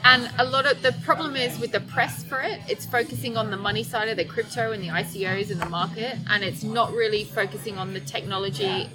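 A woman's voice: medium pitch, steady tone, brisk, hardly any pauses, over loud music, poor audio. Enthusiastic English woman, interview guest. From England. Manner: enthusiastic, laughs easily. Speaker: documentary filmmaker guest. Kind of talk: casual interview chat.

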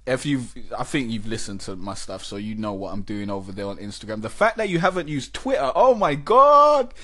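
A man hosting a casual podcast, talking in an animated, chatty way and laughing often. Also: mid-range voice. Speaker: podcast host.

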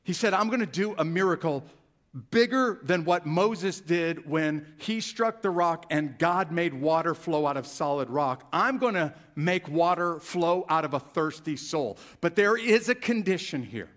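Pastor guy preaching, kinda high voice, gets loud on the big lines. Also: a little slow. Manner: animated preaching, swelling louder on key phrases. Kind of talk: sermon.

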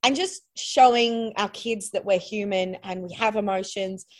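A woman's voice: mid-range voice, measured pace. A woman, a podcast guest talking candidly and reflectively, often trailing off and starting over. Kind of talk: candid conversational interview.

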